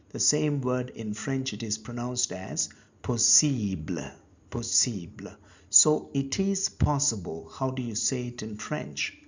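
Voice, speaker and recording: A man leads a language lesson at an extremely slow, deliberate pace, leaving gaps for the learner to answer. His voice is husky and a little breathy. The recording sounds dull and lo-fi. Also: mid-range voice, darkish tone. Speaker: language teacher.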